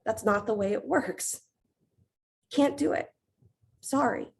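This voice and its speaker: A woman voicing a flustered male ocean god who pleads and apologizes in a high voice. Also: takes it slowly, vocal fry. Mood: apologetic.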